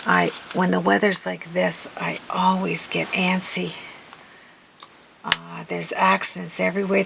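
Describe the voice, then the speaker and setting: A middle-aged woman chatting casually as she works on a crafting video, murmuring softly and then breaking into giggles and apologies. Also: on the low side, gravelly, slight background noise, rough recording. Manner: soft murmuring while working, bursting into laughter and giggly apologies. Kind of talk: casual crafting tutorial chat. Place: home craft room. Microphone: camera mic.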